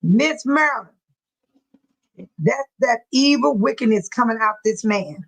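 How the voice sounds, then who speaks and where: Her pitch sits on the high side as this middle-aged woman runs a laid-back livestream, talking animatedly to her audience. She reads out comments and news, the news delivered haltingly, and the audio is rough.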